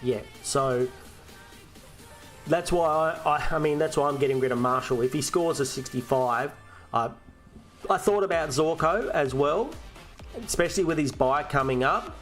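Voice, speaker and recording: A man's voice: a little high, normal speed, a bit bright, faint music behind. An Australian man hosting a fantasy football live stream, chatting casually and ranting and swearing, with frequent restarts.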